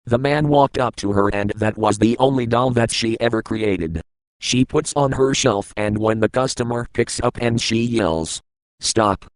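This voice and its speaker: A man in a hotel room reading a children's picture book aloud, plain and halting, with small grammar slips. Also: medium pitch, dry recording, poor audio.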